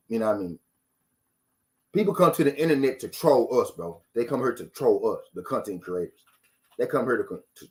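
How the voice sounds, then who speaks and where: Profane man ranting on a live stream. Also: medium pitch. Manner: profane, repeats lines for emphasis, fires rhetorical questions. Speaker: host of a boxing talk stream. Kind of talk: casual live-stream rant to viewers.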